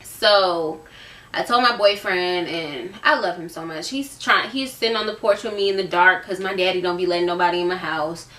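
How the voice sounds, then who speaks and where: A woman's voice: on the low side, normal speed, bright, forceful tone. A woman in her late teens from Virginia, talking candidly to camera in a casual, emotional storytime, often repeating herself for emphasis. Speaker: vlogger. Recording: roomy sound, voice from a distance.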